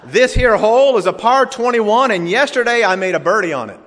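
A man's voice: high-pitched, animated, brisk, a bit bright, a little hiss or hum, pitched above the performer's own voice. A preacher voicing a boastful, bumbling young country man with a very thick accent, heard in a reverberant hall.

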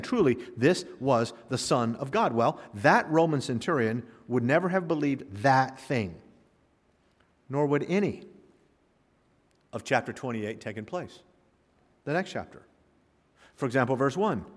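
A man preaching a sermon, building to emphatic peaks and dropping into slow, quiet pauses. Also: medium pitch, long reverb tail. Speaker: pastor.

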